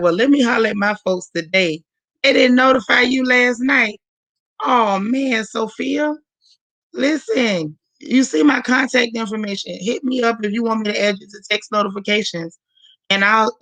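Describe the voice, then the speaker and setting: A woman hosts a live stream with a hoarse, gravelly voice. She chats casually and greets viewer after viewer by name. The sound is dry, with no room echo. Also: mid-range voice, fairly bright tone. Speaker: livestream host.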